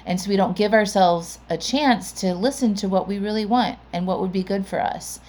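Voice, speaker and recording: A woman's voice: medium pitch, normal speed, a little mellow. A woman hosting a podcast and coaching, talking in a chatty, conversational way with frequent "like" and "right?". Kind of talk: chatty podcast intro monologue.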